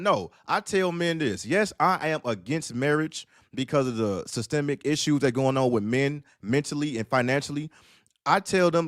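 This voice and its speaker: A man's voice: a little high, moderate pace, a bit bright, dry recording, studio quality. A man talking on a streamed panel discussion, telling stories bluntly and preaching with profanity. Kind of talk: casual streamed panel talk.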